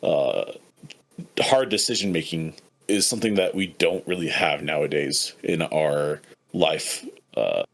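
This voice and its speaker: Very deep-voiced reflective man. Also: expressive, creaky. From United States. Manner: reflective, halting, many fillers, laughs easily. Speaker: podcast host. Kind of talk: casual chat. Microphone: remote podcast call.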